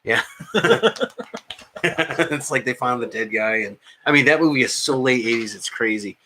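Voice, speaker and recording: A man's voice: medium pitch, moderate pace, noisy background. A man co-hosting a podcast, chatting casually about movies with lots of fillers and restarts. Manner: rambling, many fillers and restarts. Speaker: podcast co-host.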